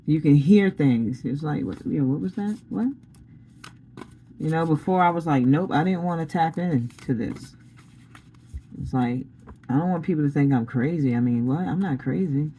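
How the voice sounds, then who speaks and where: A woman's voice: low-pitched, normal speed, dark tone, slight background noise, low-quality recording. A woman giving a casual spiritual pep talk as a tarot reader, blunt and preachy, laughing often and using slang.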